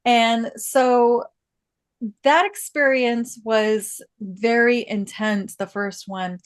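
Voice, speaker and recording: A woman's voice: fairly high pitch, steady tone, drawn-out words, clear, resonant tone. A woman guest on a podcast, telling stories chattily, laughing often and restarting her sentences. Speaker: guest artist and builder. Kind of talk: casual podcast conversation.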